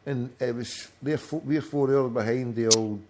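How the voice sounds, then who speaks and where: A man's voice: medium pitch, fairly even intonation, moderate pace, background noise. A man, hosting a late-night phone-in, rambling in sweary chat and calling his friend "mate" often. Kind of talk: casual banter over a call.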